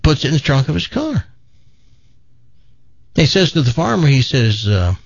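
A male radio host spins a country joke, his voice gravelly and a bit husky, rising and falling a lot as he plays each character. The sound is dry and slightly muffled, like off-air broadcast audio. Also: medium pitch, very animated, a little fast, long pauses, no room sound. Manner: folksy storyteller doing character voices.

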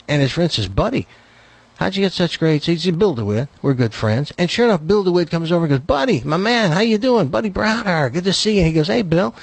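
Animated man telling a long joke. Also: medium pitch, dry recording. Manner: animated, voices the characters in his jokes; lively, quick-paced delivery. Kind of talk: joke storytelling.

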